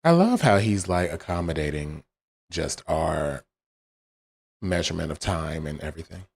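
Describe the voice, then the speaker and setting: A man's voice: rumbling low, animated, normal speed, vocal fry, a little mellow, slightly rough. A man commentating on a retro game playthrough with wry, incredulous asides. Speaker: gamer commentator. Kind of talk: let's play commentary.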